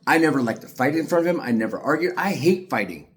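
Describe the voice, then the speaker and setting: A man's voice: fairly high pitch, lively intonation, fast talker, slight background noise. A middle-aged man giving an agitated, profane monologue to the camera as an aggrieved father. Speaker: aggrieved father telling his story.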